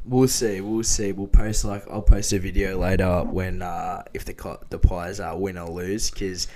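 Tipsy Australian host, low-ish voice, crude and giggly, loose chat. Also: male voice, steady tone, normal speed, a little mellow, a little hiss or hum. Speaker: podcast host. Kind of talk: casual chat.

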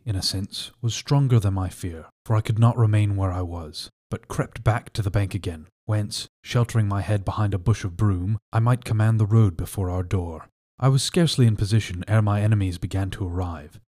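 A man narrating a classic adventure novel as an audiobook reader, in a measured, steady way. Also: fairly low pitch. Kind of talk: scripted narration.

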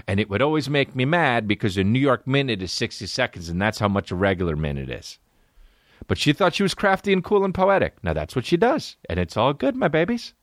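A man's voice: low voice, expressive, a little fast, no echo, clean studio sound. Profane, rambling male comedy podcaster. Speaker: podcast host. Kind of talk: solo comedy podcast monologue.

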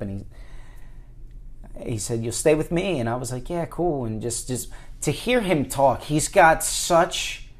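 Man, podcast guest, casual chat, rambling, filler-heavy, medium pitch. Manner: relaxed rambling with many fillers and restarts.

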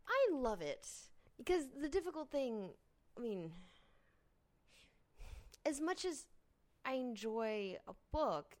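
A woman's voice: high-pitched, big pitch swings, slow, long pauses, no echo. A woman hosting an interview, reacting with affirmations and sharing personal anecdotes. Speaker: podcast host. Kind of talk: casual interview chat.

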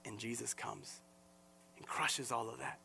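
A man preaching as lead pastor, earnest and animated, often repeating words and restarting phrases. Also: mid-range voice, measured pace, vocal fry, slightly rough. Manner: acts out quoted voices mid-sermon. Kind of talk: sermon.

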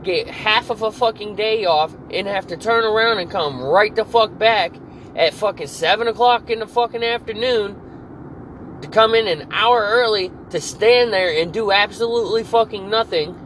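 Fuming high-voiced man ranting. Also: moderate pace, a bit bright, slight background noise, poor audio. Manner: profane, furious ranting. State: irritated. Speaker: podcast host. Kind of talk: angry work rant monologue.

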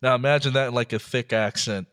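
A man's voice: mid-range voice, fairly even intonation, fast talker, a bit bright. A man co-hosting a podcast, casually recounting odd news stories, laughing often and slipping into mock voices. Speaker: podcast co-host.

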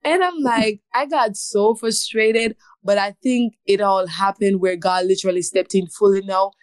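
A woman's voice: mid-range voice, fairly even intonation, normal speed, clear, resonant tone, no room sound. A woman in her twenties telling her personal testimony as an interview guest, earnest and emotional, often laughing as she speaks.

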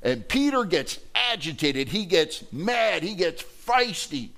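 A gravelly, high-pitched middle-aged male pastor with a Wisconsin accent preaches slowly. His sermon is full of lively storytelling in which he performs the voices of the people he quotes.

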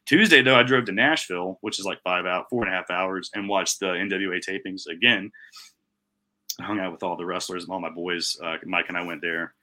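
A young man co-hosts a casual podcast, his voice low in pitch yet bright and forceful. He rambles through stories, swearing freely and dropping bro and dude as he goes. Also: steady tone, brisk. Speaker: podcast co-host. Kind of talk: casual chat.

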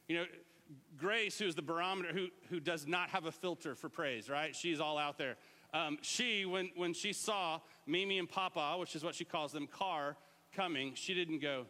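A middle-aged man preaching a lively sermon, sometimes shouting out words to show what they mean. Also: high-pitched, unhurried, in a large hall. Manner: animated, shouts out words to demonstrate. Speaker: pastor.

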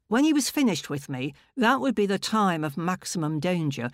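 A woman author reading her own short story aloud in a measured, deliberate way. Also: fairly low pitch, sing-song, dry recording, clean studio sound.

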